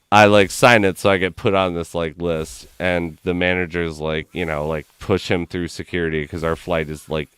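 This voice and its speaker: A man with a very deep voice, smooth and clean, tells a long story in casual chat. He rambles, keeps saying "like," and slips in and out of the people he quotes. The sound is close and dry, with no room around it. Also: a bit bright, no echo. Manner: rambling anecdote full of "like", acting out quoted people. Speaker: gaming stream host.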